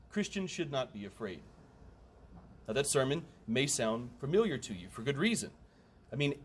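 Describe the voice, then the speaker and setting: A man preaching a sermon in a conversational way, with humorous asides and emphatic repetition. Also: a little high.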